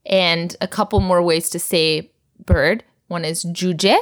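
A woman's voice: fairly low pitch, steady tone, slow pace. A woman teaching vocabulary to a learner, patient and encouraging, often laughing. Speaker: language teacher.

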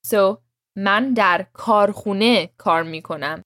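A woman's voice: medium pitch, fast, a bit bright, dry recording, clean studio sound. A woman teaching a language lesson, patiently explaining words and drilling phrases with her student.

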